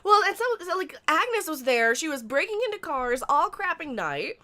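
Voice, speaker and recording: A high, very animated woman's voice that swoops up and down as she chats casually. She laughs often and keeps up a sarcastic running commentary, like a co-host recapping an episode. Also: moderate pace. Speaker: co-host of a show recap stream. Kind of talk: casual chat.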